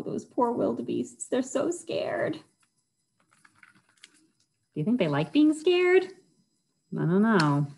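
Slow, animated woman reading a storybook. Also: low-pitched, rough recording. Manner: animated, asks the listeners questions. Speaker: library storytime reader. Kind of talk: reading a picture book aloud to children.

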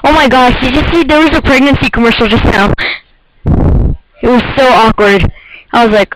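A man's voice: extremely high pitch, normal speed, pauses often, fairly bright tone, rough recording. Goofy rambling young gamer guy. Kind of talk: casual let's-play commentary.

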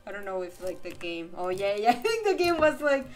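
A woman streamer with a Spanish accent, chatting casually and excitably, often stammering and repeating words. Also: mid-range voice, brisk. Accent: Spanish-accented English. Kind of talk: casual live-stream chat. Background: game music.

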